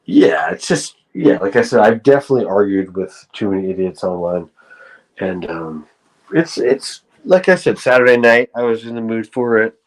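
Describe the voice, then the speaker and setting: Man, stream host, lowish voice, profane rambling chat. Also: sing-song, moderate pace, rough recording. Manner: profane, rambling, with frequent restarts. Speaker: livestream host. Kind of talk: casual livestream rant.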